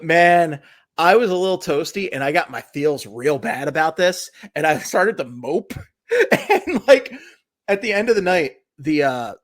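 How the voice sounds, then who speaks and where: A man co-hosting a podcast, telling a story in casual chat and acting out the people in it with loud voices. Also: a little high. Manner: animated storyteller, acts out quotes in loud voices. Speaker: podcast co-host.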